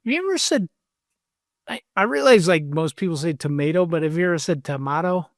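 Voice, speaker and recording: A man co-hosting a podcast in casual chat, animated and jokey, often slipping into mimicry. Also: high voice, brisk, no room sound, studio quality. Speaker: podcast co-host. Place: lives in Virginia.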